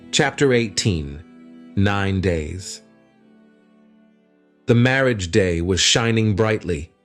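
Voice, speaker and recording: A man narrating a classic novel as an audiobook in a measured storytelling manner. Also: on the low side. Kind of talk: scripted narration.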